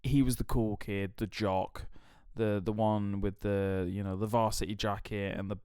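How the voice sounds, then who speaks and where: A young adult man with a British English accent hosts a podcast, his lowish, clean voice recorded dry in a clean studio at a moderate pace. He tells stories animatedly in casual chat, swearing and filling his talk with "like" and other fillers.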